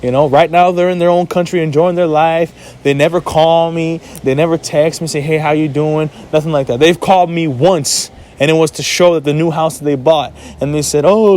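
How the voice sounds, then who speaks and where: A man speaks straight to his audience in a casual, heated rant, blunt and full of swearing. His voice sits somewhat high for a man. He lectures in a preachy way. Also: steady tone, brisk, hardly any pauses, a little mellow. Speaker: vlogger.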